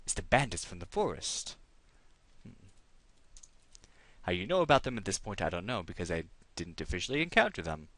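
Low-voiced, animated let's play host, chatty, dry close sound. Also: male voice, moderate pace, long pauses, dry recording. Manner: chatty, reads game text aloud.

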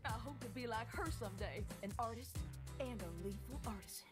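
Woman playing a sassy young gunsmith, boastful, teasing, fairly high voice, game music clear behind. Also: animated, fairly quick, lightly acted. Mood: cocky. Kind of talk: game cutscene acting.

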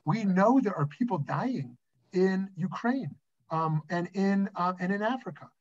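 A man's voice: high-pitched, animated, measured pace. A rabbi teaching a class over a video call, speaking animatedly and often asking "right?" as he goes. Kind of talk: conversational online lesson with anecdotes. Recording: dull lo-fi video call audio.

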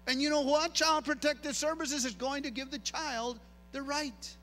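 A middle-aged male pastor preaches an animated bilingual sermon, switching between two languages and repeating phrases for emphasis. His voice is very high, at a normal speed.

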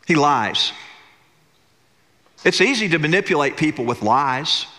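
A man's voice: fairly high pitch, expressive, a little slow, sharp tone, big-room sound. A male senior minister preaching a sermon, telling a scripture story, acting out its quotes and calling for amens. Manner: storytelling preacher, acts out quotes, calls for "amen". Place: church sanctuary.

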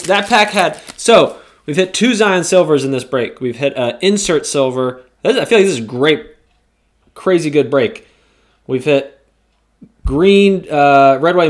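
A man hosting a live trading card break, reading out the cards he pulls and whooping at the big hits. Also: a little high. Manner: reads player names off cards.

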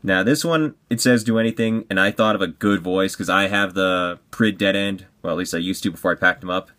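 A man with a very low voice chatting through a voice audition at home. He rambles in a relaxed way and keeps his voice down. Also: a little fast. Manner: relaxed, rambling, kept quiet. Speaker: voice actor auditioning. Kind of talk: casual audition talk. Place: home at night.

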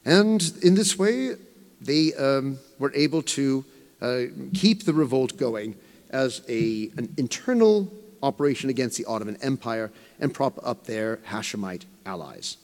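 A man giving a history lecture as a professor, telling it in a measured, emphatic way with rising stresses. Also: mid-range voice, expressive, a little mellow. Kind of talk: academic lecture. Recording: long hall reverb.

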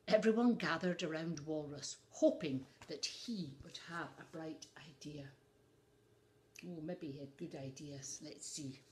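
A woman's voice: sits low, a little slow, a little mellow. A woman reading a picture book aloud to children, adding asides for young listeners. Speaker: storyteller.

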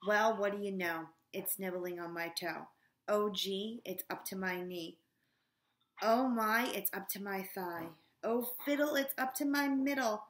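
A sing-song poem speaker chants in a steady rhythm, more and more alarmed, as a woman acts it out. The voice is mid-pitched and rings in a roomy space. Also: unhurried, lightly acted. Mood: dramatic recital. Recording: echoey room.

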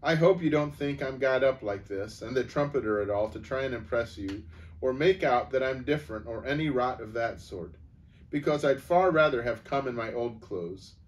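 A man's voice: mid-range voice, close to an everyday voice. Man doing an eager, rambling boy prince. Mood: flustered. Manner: rambling, eager, talks in rushes. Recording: voice from a distance.

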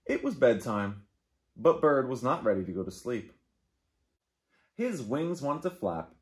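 A man, a children's librarian, reading a picture book aloud to kids in an animated, playful way. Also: mid-range voice, a little slow. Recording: echoey room.

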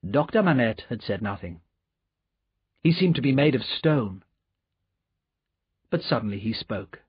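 Male audiobook narrator, slow, expressive, slightly husky. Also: mid-range voice, dry recording. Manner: slow, lively storytelling. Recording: dull lo-fi recording.

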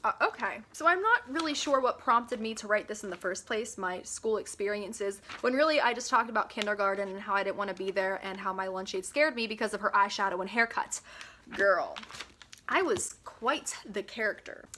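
A woman's voice: mid-range voice, lively intonation, moderate pace, sharp tone, a little hiss or hum. A young woman vlogging in a casual, chatty way, reading her old school papers aloud with giggles and self-mocking asides. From Pennsylvania, US.

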